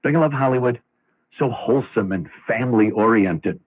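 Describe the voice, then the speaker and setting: A man's voice: mid-range voice, normal speed, narrow, tinny audio, slight background noise. A man hosting talk radio, delivering a blunt, mocking monologue. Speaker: radio show host. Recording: AM radio broadcast with faint music.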